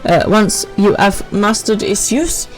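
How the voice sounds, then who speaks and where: A woman's voice: mid-range voice, slow, pitched above the performer's own voice, natural voice, rough recording. A woman voicing an earnest, formal scholarly mage from a game, in a raised, courteous voice. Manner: formal, old-fashioned reading. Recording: faint game music behind.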